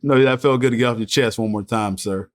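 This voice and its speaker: A man's voice: medium pitch, brisk. Easygoing, laughing man in sports chat. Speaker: podcast panelist.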